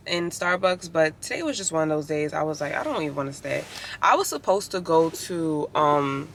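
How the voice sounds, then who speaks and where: A woman's voice: fairly low pitch, fairly bright tone, a little hiss or hum. Chatty young woman vlogging. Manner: chatty, opinionated, lots of "like". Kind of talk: casual storytelling vlog.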